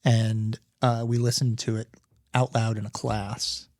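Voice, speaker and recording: A man co-hosting a book podcast who tells animated, self-deprecating stories. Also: fairly low pitch, measured pace, no room sound, studio quality. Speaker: podcast co-host. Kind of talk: casual book-club chat.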